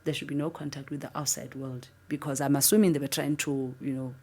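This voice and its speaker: A woman's voice: low voice, quick pace. A South African woman, a former football captain, earnestly telling her story in an interview. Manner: earnest, animated retelling, voice jumping up for disbelief.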